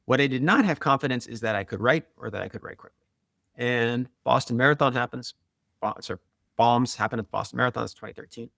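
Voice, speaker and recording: A middle-aged man tells his stories in a lively, quick, conversational way, leaning on "like" and "right?" His voice has a gravelly fry at mid pitch. It is recorded dry and close with no room sound. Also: no echo. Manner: animated, quick, with many "like" and "right?". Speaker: guest, author and marathoner. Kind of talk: conversational storytelling.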